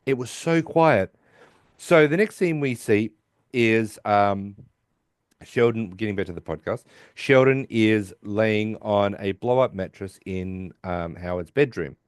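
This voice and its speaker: Dry, low-voiced Australian man podcasting. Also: a little slow, smooth, no room sound. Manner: loose and rambling, swears casually. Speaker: podcast host. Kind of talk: casual chat recapping a TV episode.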